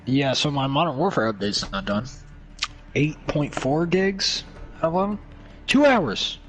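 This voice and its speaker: A young man streaming games and chatting casually, excitable and joking, swinging between whiny pleading and low muttering. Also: a little slow, slight background noise. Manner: excitable, joking, lots of laughter. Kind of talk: casual gaming stream chat.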